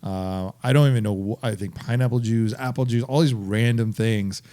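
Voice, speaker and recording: A man co-hosting a horror movie podcast in casual chat, telling stories in a relaxed way and leaning on the word "like". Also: lowish voice, moderate pace. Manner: relaxed, storytelling, many "like" fillers. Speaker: podcast co-host.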